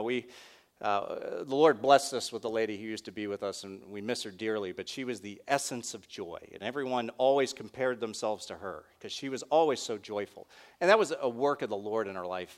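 A man preaching a sermon in an earnest, conversational way, with wry asides, who lifts his voice on key words and softens in prayer. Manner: rises in pitch and volume on key words, drops soft in prayer. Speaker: pastor.

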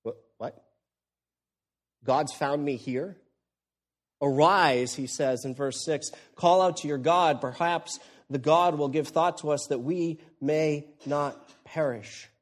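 Animated male preacher, rising pitch. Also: measured pace, few pauses. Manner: animated, swings from hushed to exclaiming. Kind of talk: expository sermon.

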